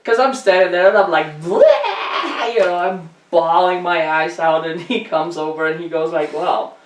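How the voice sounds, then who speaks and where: A middle-aged woman from Germany hosting a casual chat, telling animated stories and laughing often. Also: on the low side, moderate pace, a little hiss or hum. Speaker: podcast host. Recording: roomy echo, distant mic.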